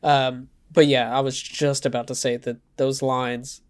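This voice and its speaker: A man co-hosting a podcast, giving dry, wry opinions on a film in a relaxed, conversational way. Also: mid-range voice, measured pace, smooth. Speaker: podcast co-host. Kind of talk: casual film discussion.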